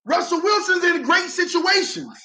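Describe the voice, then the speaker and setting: A man's voice: very high voice, animated, normal speed, pushed and bright, low-quality recording. A man reacting to a football game on a live stream, calling plays and dramatically groaning and laughing at viewer comments.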